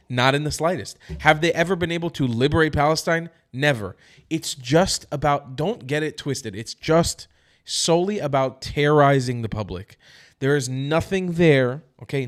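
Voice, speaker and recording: This male commentary vlogger has a smooth, mid-range voice. Tired and yawning, he still delivers heated, emphatic news commentary straight to his audience.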